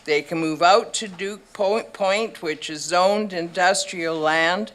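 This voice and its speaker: A woman's voice: lowish voice, takes it slowly, fairly bright tone. A woman speaking as a delegate at a council meeting, reading a prepared statement in a pointed, questioning way. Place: council chamber.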